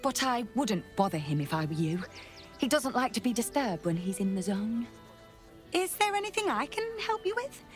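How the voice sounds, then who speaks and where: A bubbly, overeager young shop clerk gushes about her job in a video game. Her voice sits very high and swoops all over the place. Faint music plays under her lines. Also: very animated, moderate pace. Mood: gushing. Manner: bubbly, gushing, sing-song sales pitch.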